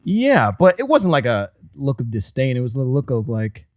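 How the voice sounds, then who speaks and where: A man's voice: mid-range voice, very animated, moderate pace, dry recording, studio quality. A man who is a guest on a podcast, telling rambling anecdotes in casual chat and laughing often. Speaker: guest actor.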